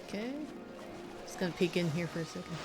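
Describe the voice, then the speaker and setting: A woman streamer chats casually while playing, tossing out giggly asides. Her voice sits a little low. Soft game music plays faintly behind her. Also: fairly even intonation, fast talker.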